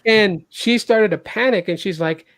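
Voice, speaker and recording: A man with an animated way of telling a story, who acts out the people he quotes. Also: measured pace, background noise. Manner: animated, acts out quotes with jumps in pitch and loudness. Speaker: podcast host. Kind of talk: casual storytelling.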